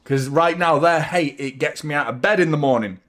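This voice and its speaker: Reading out viewers' comments during his football watchalong live stream, this young adult man rambles and swears freely in casual chat. His voice is on the high side, a bit bright and a little fast, yet he sounds drained.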